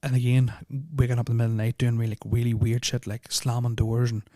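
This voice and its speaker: A man's voice: mid-range voice, flat delivery, fast talker, warm tone, no echo, studio quality. A young man, telling a personal story on a podcast in a rambling, nervous way, full of fillers and swearing. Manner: nervous, uneasy retelling. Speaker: podcast host. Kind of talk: casual storytelling of personal experiences.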